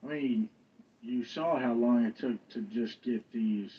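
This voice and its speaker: A man's voice: medium pitch, a little slow, husky. A man bantering with the livestream host in a casual, teasing way. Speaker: friend on the livestream. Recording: distant, muffled mic.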